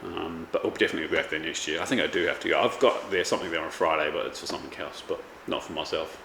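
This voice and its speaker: Very deep and gravelly, with a sharp edge, the voice of this thirtysomething chef and vlogger comes out rapid-fire. His casual chat drifts around with lots of ums and restarts. The recording has room echo and faint background noise.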